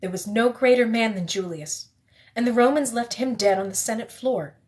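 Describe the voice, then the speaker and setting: A woman's voice: a little high, moderate pace, a little mellow, natural voice. A woman reading aloud, voicing a proud and bitter queen mother who speaks in curt commands.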